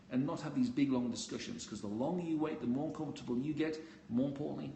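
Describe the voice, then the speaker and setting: A man's voice: mid-range voice, gravelly. Blunt man coaching, echoey room. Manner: blunt, casual, swears freely. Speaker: dating coach. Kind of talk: live-stream coaching talk. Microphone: phone live stream. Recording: echoey room with faint ambient noise.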